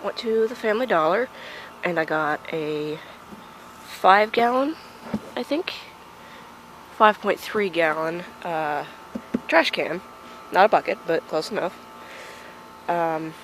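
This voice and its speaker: A woman's voice: lowish voice, poor audio. A young woman chatting casually to camera in a rambling vlog, filming herself with a phone outdoors by a house. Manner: chatty, rambling with many fillers. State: out of breath. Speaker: vlogger. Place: outdoors beside a house, partly in a car. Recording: outdoor phone recording with background noise.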